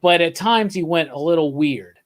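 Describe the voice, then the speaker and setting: A man's voice: on the high side, moderate pace. A man co-hosting a podcast, chatting about comics with enthusiasm, rambling and restarting, often checking in with "right?". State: drinking beer while talking. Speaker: podcast co-host. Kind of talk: casual comics chat.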